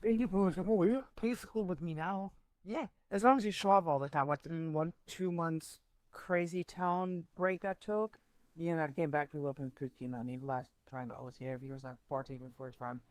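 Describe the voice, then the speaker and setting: A player chatting casually at a game table, rambling and halting. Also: mid-range voice, steady tone, dry recording. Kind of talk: casual chat.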